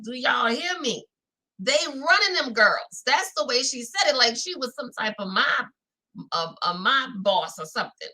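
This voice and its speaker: A woman with a New Orleans accent hosts a chatty live recap with a bright, forceful voice that sits a little high. She is animated and talks straight to her viewers, reading out their chat comments as she goes. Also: measured pace, low-quality recording. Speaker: reality-show recap host.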